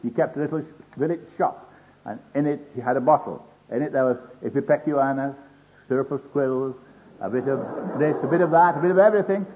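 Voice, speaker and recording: A man's voice: mid-range voice, fairly quick, a little hiss or hum. An older man preaching a sermon in an earnest way, acting out the voices he quotes. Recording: tinny phone-like old sermon tape.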